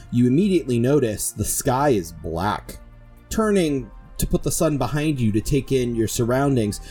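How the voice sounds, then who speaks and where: A man with a mellow, slightly husky voice narrates a tabletop adventure as game master. His storytelling is measured and descriptive, and his pitch rises and falls with lively movement. Soft music plays faintly behind him. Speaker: dungeon master.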